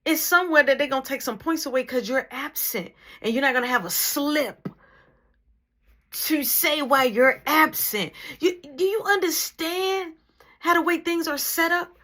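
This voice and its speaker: A woman's voice: fairly low pitch, unhurried. A woman doing a furious scolding mom. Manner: scolding, clipped threats. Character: stern angry mother scolding her son.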